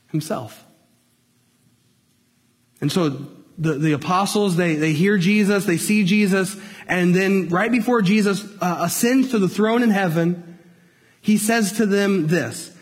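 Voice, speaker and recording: A high-pitched man preaching with passion, calling his congregation "y'all" in a folksy way. His delivery climbs to loud peaks, then drops to hushed lines. A long hall reverb trails after every phrase. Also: measured pace, pauses often. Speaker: pastor. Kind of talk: sermon.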